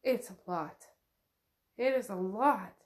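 A woman's voice: medium pitch, slow. A woman casually retelling the chapters of a novel, chatty and loose, swearing freely and saying "like" a lot. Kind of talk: casual book recap.

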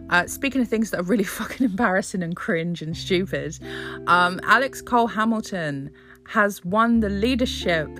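A woman from Scotland chatting casually about politics, sarcastic and sweary, swinging between mock excitement and scorn. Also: lowish voice. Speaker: vlogger commenting on politics. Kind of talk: casual chat.

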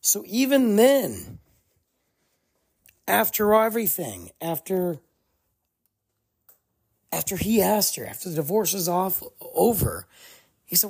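A podcast host talks through a casual commentary monologue with a gravelly, husky voice. The pitch swings widely as the host leans into points and acts out bits of quoted dialogue. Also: sing-song, takes it slowly, long pauses, darkish tone.

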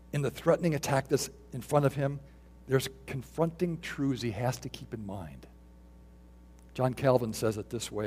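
Husky-voiced man preaching a sermon. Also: mid-range voice, darkish tone. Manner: earnest preaching, reading scripture and quotes aloud. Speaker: pastor.

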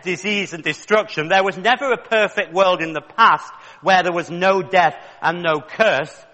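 A man's voice: high voice, bright, forceful tone, long reverb tail, rough recording. A man preaching a sermon with fervent, rising emphasis and pointed questions to the congregation.

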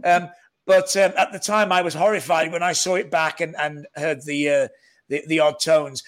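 A man with a blended North Welsh and Scouse accent, a guest actor telling stories in an animated, self-mocking way with frequent restarts. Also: a little high, normal speed. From North Wales near Liverpool. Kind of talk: casual interview chat.

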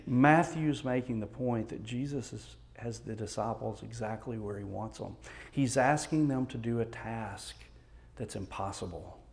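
A man's voice: mid-range voice, measured pace, vocal fry, a little mellow. Texan male pastor, mid-range voice, earnest sermon delivery with strong dynamic swings.

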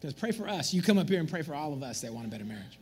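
A man preaching a sermon as pastor, animated and joking with the congregation in a church. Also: on the high side, rapid-fire, husky.

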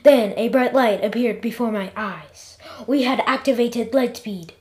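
A woman narrating her own episodic story in a lively, expressive reading. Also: fairly high pitch, measured pace.

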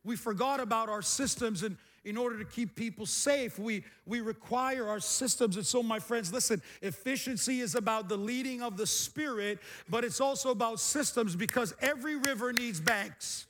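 A middle-aged man preaching a sermon as pastor, energetic, with repeated phrases and calls to the congregation. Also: very high-pitched, normal speed, hardly any pauses. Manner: energetic, repetitive call-and-response preaching.

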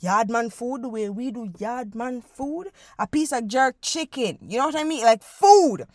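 A young Jamaican woman hosts her own podcast in a lively, playful monologue, slipping into local slang as she paints a picture for her listeners. Her voice sits a little high. The recording is dry and close. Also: a little slow, dry recording. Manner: animated, playful, guided-imagery storytelling with Jamaican slang. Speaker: podcast host. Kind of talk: casual solo podcast monologue.

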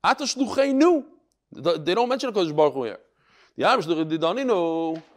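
A man giving a Talmud class lecture, explaining quickly and acting out the people he quotes. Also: sits high. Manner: animated, acts out quoted speakers. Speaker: Talmud teacher.

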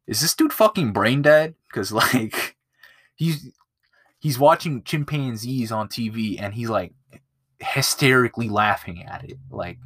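Rambling, profane podcast guy, low voice. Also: a bit bright, breathy edge, no echo. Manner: rambling and profane, with lots of filler. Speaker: podcast host. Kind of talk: casual movie-review podcast.

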